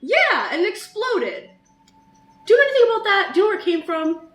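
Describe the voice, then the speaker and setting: A woman playing a tabletop game, animated and quick to laugh. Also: extremely high pitch, echoey room. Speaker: player.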